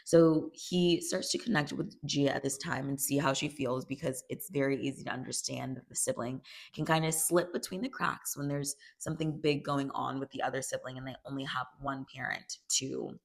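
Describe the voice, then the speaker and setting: Young woman, low voice, casual TV recap, chatty, acts out quotes. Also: fairly even intonation, moderate pace, gravelly, hardly any pauses. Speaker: show recapper.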